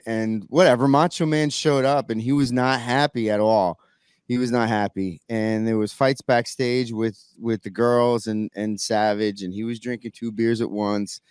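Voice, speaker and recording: A man's voice: medium pitch, darkish tone, smooth, dry recording, studio quality. A man telling a backstage story in casual podcast chat, rambling with many restarts and fillers. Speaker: guest musician.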